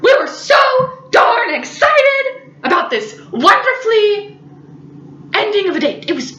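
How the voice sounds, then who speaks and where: A woman's voice: very high-pitched, unhurried, a little hiss or hum. A young woman telling a funny personal story, giggly and dramatic. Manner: giggly, animated, dramatic retelling. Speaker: vlogger. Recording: echoey room, slightly dull audio.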